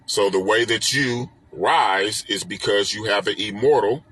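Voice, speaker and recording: A man's voice: lowish voice, measured pace, a bit bright, slightly rough. A man hosting a live stream, explaining a spiritual text in an emphatic, repetitive, preaching way with rhetorical questions. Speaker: host and teacher. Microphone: phone or webcam on a live stream.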